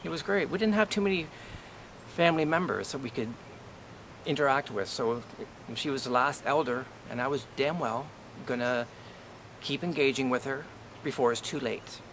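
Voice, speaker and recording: Male vlogger, mid pitch, profane and indignant, ranting to camera. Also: normal speed, fairly bright tone, a little hiss or hum. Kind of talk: angry personal rant to camera.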